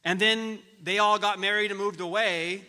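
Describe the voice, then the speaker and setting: A middle-aged man telling a personal tribute to a friend in a church, halting often and restarting his sentences. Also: high voice, fairly even intonation, pushed and bright, clean tone. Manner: halting storytelling with many restarts. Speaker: friend giving a memorial tribute. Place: large church auditorium. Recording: reverberant church hall.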